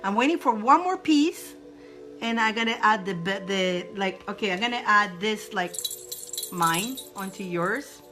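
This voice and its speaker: A woman's voice: mid-range voice, lively intonation, measured pace, pushed and bright, soft background music. A woman from Egypt hosting a casual spiritual advice talk, playful and laughing often as she leads viewers in roaring breath exercises.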